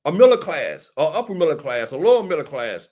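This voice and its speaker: Brisk and a little mellow, his slightly high voice rises and falls widely as he runs a casual political commentary show. The host talks straight to his live audience, answers viewers, and drives his points home over and over in a preachy, sermon-like way.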